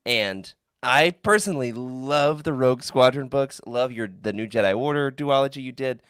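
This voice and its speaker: A man's voice: mid-range voice, moderate pace, a bit bright, smooth, no room sound, clean studio sound. A man hosting a podcast in a casual, playful chat, hamming it up as he talks over a video call. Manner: playful, hams it up. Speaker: podcast host.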